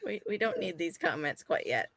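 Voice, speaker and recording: A woman's voice: on the low side, big pitch swings, moderate pace, creaky, fairly bright tone. A woman playing in a tabletop game, chatting casually with small restarts. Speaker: player.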